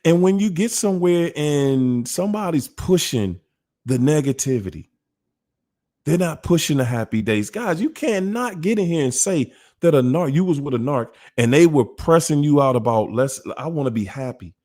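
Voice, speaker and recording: Emphatic man with a lively, mellow voice. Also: on the high side, normal speed. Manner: emphatic, repetitive, preachy delivery. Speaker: host. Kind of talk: casual monologue on relationships.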